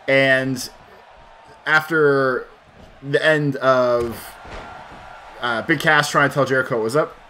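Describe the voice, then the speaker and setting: Bright-voiced man, rambling game commentary. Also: mid-range voice, steady tone, takes it slowly, long pauses, a little hiss or hum. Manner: rambling and profane, thinking aloud. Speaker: let's play host. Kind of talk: casual commentary while gaming.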